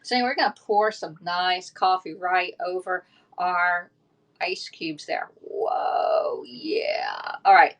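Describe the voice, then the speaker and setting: A woman's voice: lowish voice, slow. A woman, chatting casually on a livestream from home and rambling through a story with lots of fillers. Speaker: livestream host.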